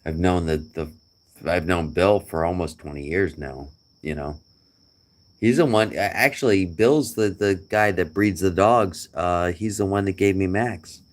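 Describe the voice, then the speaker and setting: A man's voice: deep voice, a little slow. A middle-aged man chatting casually to a friend, rambling and joking with chuckles. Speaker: vlogger.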